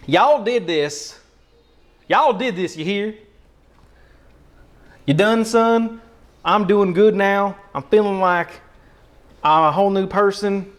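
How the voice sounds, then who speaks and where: A man puts on a folksy, drawling Southern cook, hospitable and chatty, his voice sitting high. The accent is broad and colloquial, laid over a cooking livestream in a home kitchen. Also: lightly acted.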